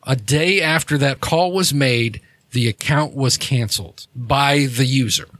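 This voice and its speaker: A man at a mid pitch running a tabletop game as game master. He talks in an easy, relaxed way, often restarting his sentences. The sound is dry and close. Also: a little slow, no echo.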